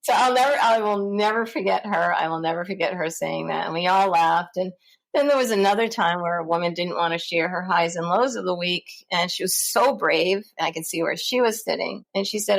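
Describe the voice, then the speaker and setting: A middle-aged woman, a guest in an interview, telling stories in a lively way and acting out the people she quotes. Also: on the low side, a little fast, vocal fry. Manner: animated, acts out quoted voices. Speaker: guest, founder of a parent support center. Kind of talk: conversational interview storytelling.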